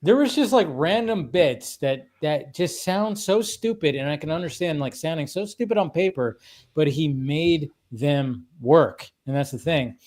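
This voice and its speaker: A man's voice: fairly high pitch, expressive, unhurried, a little mellow. A man hosting a live stream, chatting casually and rambling with many restarts and acted-out quotes. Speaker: stream host. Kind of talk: casual chat.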